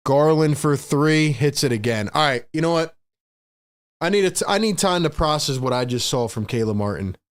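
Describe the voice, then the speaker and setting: A man hosting a fan livestream, calling play-by-play in excitable, frustrated, slangy talk. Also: medium pitch, clean tone, no room sound, studio quality. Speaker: host and play-by-play commentator.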